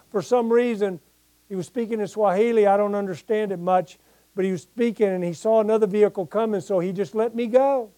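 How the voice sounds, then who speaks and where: A man's voice: high voice, warm tone, no room sound. An older man preaching a sermon as pastor, talking plainly with his congregation and rising into emphatic scripture reading.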